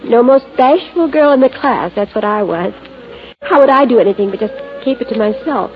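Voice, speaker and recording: A woman's voice: fairly high pitch, animated, brisk, natural voice. An actress playing a rueful, teary wife in her forties. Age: 40s. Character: bitter, self-pitying former wallflower wife, 42. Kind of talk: 1940s radio acting. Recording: lo-fi old radio recording with music.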